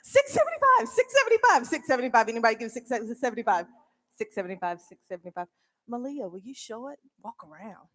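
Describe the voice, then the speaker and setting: Woman, auctioneer, rapid repeated bid calls, higher voice, hall reverb. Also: very animated, a bit bright. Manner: rapid repetitive bid calling, playful. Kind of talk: charity auction calling.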